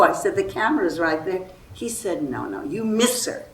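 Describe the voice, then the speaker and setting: An older actress telling stories at a festival talk, lively and acting out the people she quotes. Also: on the low side, normal speed. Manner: animated storytelling, acts out quoted voices. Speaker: guest actress. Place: festival hall before an audience. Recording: far-off roomy hall recording, faint noise.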